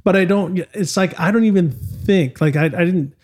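A man's voice: high-pitched, normal speed, darkish tone. A middle-aged man, a former motocross champion, telling stories casually in an interview, with frequent restarts and acted quotes. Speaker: podcast guest, former motocross and off-road truck champion.

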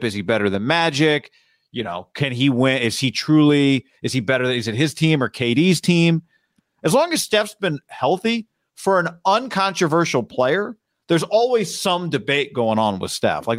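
A man's voice: medium pitch, no room sound, studio quality. A man hosting a sports talk show, chatting casually and with energy, playfully mimicking broadcaster voices. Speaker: sports radio host.

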